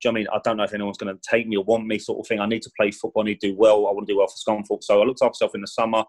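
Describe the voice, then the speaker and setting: Very fast and lowish, with little pitch movement and a darkish, slightly rough tone, this man is an ex-professional footballer telling his career stories on a podcast. He chats and rambles, keeps saying "do you know what I mean," and acts out quoted lines with a raised voice. The recording is rough.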